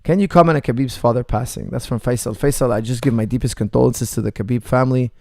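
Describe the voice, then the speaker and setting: A man with a gravelly, middle-pitched voice hosts a casual livestream Q&A as a martial arts coach. He reads chat messages aloud and answers bluntly, joking and laughing often. The sound is dry and close. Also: fast, darkish tone, no echo.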